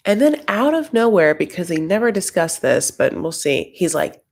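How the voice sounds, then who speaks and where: A man's voice: sits high, sing-song, normal speed, hardly any pauses. A man hosting a reality TV reaction show, recapping in a sassy, gossipy, campy way. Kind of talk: casual TV recap commentary.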